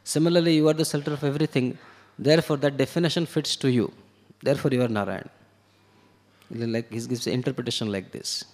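A man's voice: mid-range voice, steady tone, quick pace, darkish tone. A man giving an explanatory lecture on scripture, walking through verses and the meaning of words one step at a time. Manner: chants verses in Sanskrit. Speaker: scripture class teacher. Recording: long echoing hall reverb.

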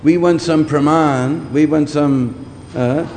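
A man's voice: on the high side, fairly even intonation, slow, darkish tone. A man giving a scriptural lecture, repeating his points and often checking with listeners by asking "hmm?". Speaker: preacher. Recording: long hall reverb, faint background noise.

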